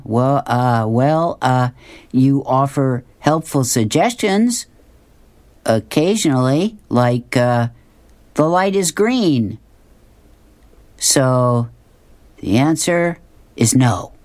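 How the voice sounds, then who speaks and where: A woman's voice: very deep voice, lively intonation, drawn-out words, pauses often, a little mellow, full character voice. A woman reading a sheepish husband's lines in a comic strip, stammering and hesitant. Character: sheepish husband dodging a trick question.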